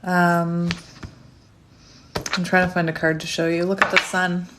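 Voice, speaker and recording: A woman's voice: fairly low pitch, unhurried, background noise. Bubbly woman giving a chatty tarot reading. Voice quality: warm, laughs often between phrases. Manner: chatty and bubbly, squeals when excited. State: slightly hoarse throat. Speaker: tarot reader.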